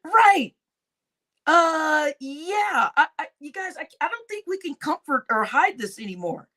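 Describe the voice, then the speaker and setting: A woman's voice: high-pitched, big pitch swings, measured pace, sharp tone. A woman YouTube commentator giving casual gossip commentary, laughing often, swearing freely and repeating her phrases.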